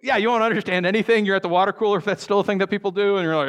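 This pastor's voice sits high and comes out rapid-fire as he delivers his sermon at church. Jokey anecdotes fill his preaching, and he keeps quizzing the people in the pews.

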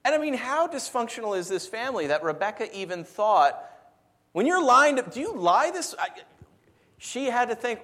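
A middle-aged married man preaching a sermon, animated and rhetorical with a humorous streak. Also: very high voice, moderate pace. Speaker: pastor.

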